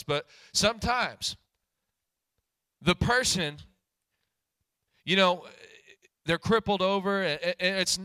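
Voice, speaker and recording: Bright-voiced preacher man, rising to shouts. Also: high voice, no echo. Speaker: pastor. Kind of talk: sermon.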